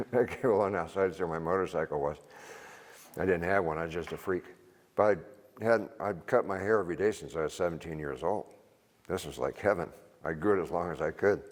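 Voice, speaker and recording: An older man, a retired Army veteran, giving an informal seminar talk to a church group, rambling and plain-spoken and chuckling at his own stories. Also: low-pitched. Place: church hall. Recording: reverberant hall.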